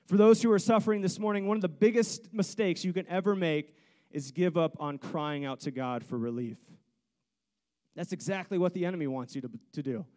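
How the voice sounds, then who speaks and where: A man's voice: high-pitched, fairly quick, darkish tone. A man in his thirties preaching a sermon, earnest and repetitive, building to fervent pleas. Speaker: pastor.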